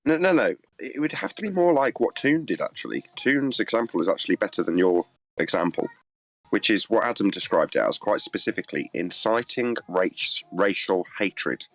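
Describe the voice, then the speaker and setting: Low-voiced man, blunt. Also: big pitch swings, a little fast, vocal fry, rough recording. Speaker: guest on a live stream. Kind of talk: casual chat. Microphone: iPad mic.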